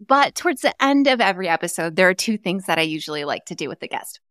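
A woman's voice: lowish voice, quick pace, dry recording, clean studio sound. A woman hosting a podcast who chats casually and tells stories with lots of energy. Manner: animated storyteller. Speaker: podcast host. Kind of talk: casual interview chat.

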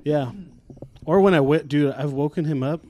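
A young man, a podcast co-host in casual chat, telling stories animatedly, acting out quotes loudly and laughing often. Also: fairly high pitch, moderate pace. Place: podcast studio.

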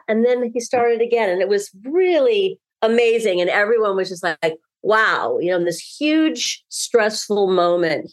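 A woman's voice: medium pitch, a little mellow. A woman telling an interview story about a film set, acting out the people she quotes. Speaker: actor recalling a film shoot. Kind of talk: interview recollection.

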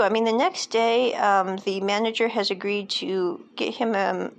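A woman's voice: mid-range voice, fairly even intonation, unhurried, vocal fry. A woman casually recapping a film's plot, rambling with lots of fillers and side comments. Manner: rambling, chatty, many fillers and asides.

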